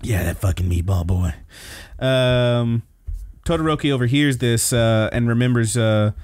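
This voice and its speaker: A man's voice: mid-range voice, unhurried, a little mellow, clean tone, dry recording, studio quality. A man hosting a podcast, recapping episodes in a laid-back, casual way and swearing freely. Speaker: podcast host.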